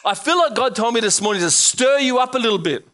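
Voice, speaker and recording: A man preaching in a church with a high, bright voice. He drives his points with repeated rallying calls, then drops into playful asides to the congregation. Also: expressive, fast talker. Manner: exhorting, repetitive, playful asides. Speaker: pastor. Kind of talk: sermon.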